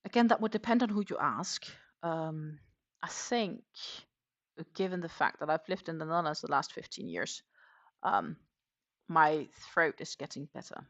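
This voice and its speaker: A woman hosting a crochet livestream, chatting in a relaxed, rambling way while she works. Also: deep voice, moderate pace, lo-fi sound. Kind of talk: casual livestream chat.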